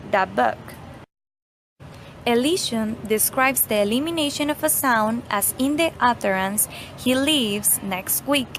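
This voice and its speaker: A woman reading a scripted pronunciation lesson in a measured, explanatory way. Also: sits high, a little hiss or hum, low-quality recording. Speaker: pronunciation teacher. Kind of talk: scripted instructional narration.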